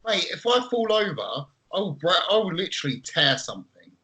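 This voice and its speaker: A man's voice: high voice, very animated, moderate pace, very noisy. A man co-hosting a podcast, joking and steering the casual talk. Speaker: podcast co-host. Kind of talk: casual chat.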